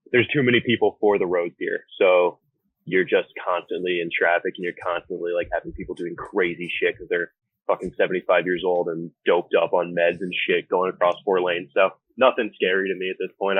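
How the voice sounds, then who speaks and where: A man's voice: deep voice, breathy edge, no echo. A young American man and band vocalist, telling tour stories in a blunt, profane, laid-back way. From United States. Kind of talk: casual interview chat. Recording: phone-like remote call audio.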